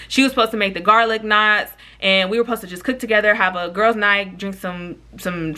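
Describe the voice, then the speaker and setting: Bright, animated young woman telling a story. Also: mid-range voice. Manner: animated, frank, slangy, swears freely, talks straight to viewers. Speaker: YouTuber. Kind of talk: casual storytime vlog.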